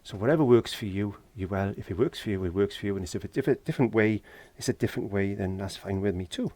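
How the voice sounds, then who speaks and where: A man's voice: lowish voice, quick pace, warm tone, no room sound. A man from Wales, chatting and joking to himself as he teaches painting in a shed. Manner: chatty, jokey, talks to himself while working. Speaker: painting tutor. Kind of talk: casual painting tutorial. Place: garden shed.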